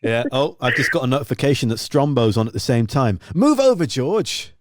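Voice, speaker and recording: A man's voice: medium pitch, fairly even intonation, fast, no room sound, clean studio sound. A man hosting a live stream chat, effusive and grateful toward his guest. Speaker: host.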